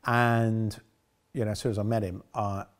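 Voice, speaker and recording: A man's voice: fairly low pitch, little pitch movement, moderate pace. A middle-aged man, a film director, looking back on making a film in a rambling, self-correcting way. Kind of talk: reminiscing interview.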